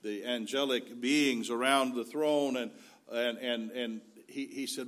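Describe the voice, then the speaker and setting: A man's voice: mid-range voice, fairly even intonation, unhurried, a bit bright. A man preaching a sermon in an earnest, folksy way, weaving in scripture.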